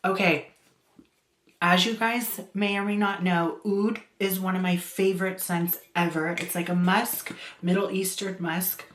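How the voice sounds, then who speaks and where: Woman vlogger gushing over gifts, slow talker, roomy echo, faint hiss. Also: on the low side, steady tone. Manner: gushing, exclaims often, laughs between words. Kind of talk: casual gift-opening vlog. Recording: echoey room with faint noise.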